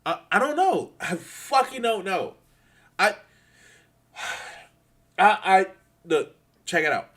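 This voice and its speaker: High, bright-voiced man ranting. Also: sing-song. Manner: profane, halting, many restarts; swings between quiet and loud. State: angry and frustrated. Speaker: streamer ranting to viewers. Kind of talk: angry unscripted rant.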